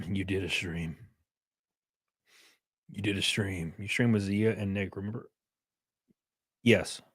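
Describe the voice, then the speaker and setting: A man's voice: deep voice, takes it slowly, long pauses, husky. A man chatting loosely on a live stream, swearing freely and thanking viewers by name. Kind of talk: casual live-stream chat.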